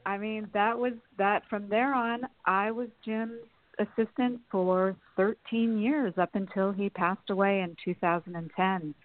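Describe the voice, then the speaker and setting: A woman's voice: mid-range voice, fairly even intonation, unhurried, dry recording. A woman being interviewed, telling long personal stories in a chatty way and laughing often. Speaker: interview guest. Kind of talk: storytelling in a phone interview. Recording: phone-line sound.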